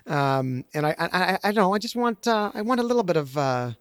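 A man in his thirties, chatting casually as a podcast co-host, thoughtful and halting with many fillers and restarts. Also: sits high, lively intonation, no echo, studio quality. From Canada. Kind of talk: casual chat.

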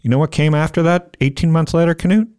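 A man's voice: fairly high pitch, steady tone, quick pace, darkish tone, smooth. A middle-aged man hosting a podcast in a casual joking chat, rambling and self-mocking, jumping off topic. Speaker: podcast host.

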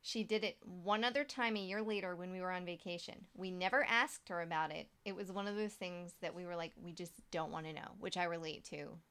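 A woman's voice: lowish voice, fairly quick, hardly any pauses, fairly bright tone, clean tone. A woman co-hosting a casual podcast, reading listener stories aloud, laughing often and swearing freely. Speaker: podcast co-host.

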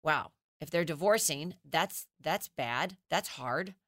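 A woman who teaches children's ministry, explaining child development as a guest in a podcast interview, animated and acting out how children talk. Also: sits low, takes it slowly, no echo, clean studio sound. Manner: animated, acts out children's voices.

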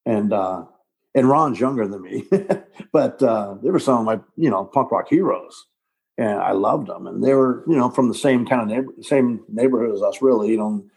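A man talks casually as an interview guest about his old band days. His voice is gravelly and a bit husky. He rambles, stops, and restarts his sentences. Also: lowish voice, darkish tone. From Southern California. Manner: rambling, halting, with restarts and laughs. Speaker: punk singer, guest.

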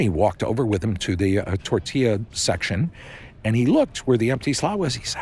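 A man's voice: fairly low pitch, animated, fairly quick, a little mellow, breathy edge. A man casually improvising a bedtime story, rambling with many fillers.

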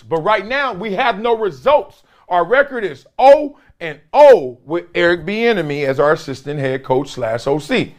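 A middle-aged man hosting a sports talk show, commenting casually and playfully, laughing often and mimicking coaches. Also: fairly high pitch.

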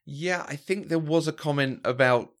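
A man's voice: fairly high pitch, moderate pace, fairly bright tone. A man, co-hosting a casual film discussion, who often stops and repeats words as he starts a thought. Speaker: podcast co-host.

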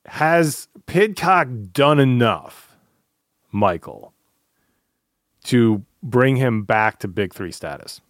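A man hosting a casual podcast chat, talking in a relaxed, halting way and often repeating words. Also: mid-range voice, no room sound, studio quality. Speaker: podcast host.

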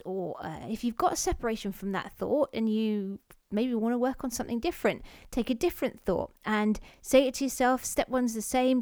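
A woman's voice: fairly high pitch, darkish tone, no echo, clean studio sound. A woman hosting a self-help podcast, explaining exercises step by step in a friendly way with a few fillers. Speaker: podcast host.

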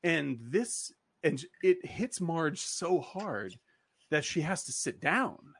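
A man's voice: fairly high pitch, big pitch swings, slow, fairly bright tone, breathy edge, dry recording. A man casually discussing a film, rambling with lots of filler words and swearing freely.

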